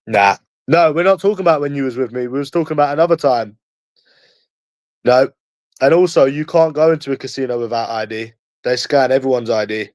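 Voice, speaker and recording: A man's voice: medium pitch, no echo. A man with a London accent in casual chat, teasing and slangy, repeating himself often. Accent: London English.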